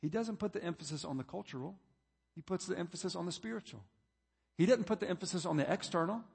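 A man's voice: high-pitched, quick pace, gravelly, a little mellow, breathy edge, long reverb tail. A man preaching a sermon, building to emphatic points as he reads scripture. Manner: preaching, reading scripture aloud with rising emphasis. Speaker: pastor.

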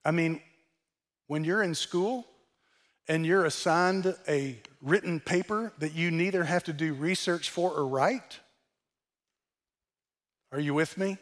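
Older male speaker, slightly high voice, blunt sermon-style delivery with dry sarcasm. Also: slow pace, long pauses, fairly bright tone.

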